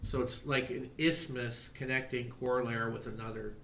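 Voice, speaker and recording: A man narrating a tabletop game as game master, halting with many fillers. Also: medium pitch, steady tone, a bit bright, roomy sound, slight background noise.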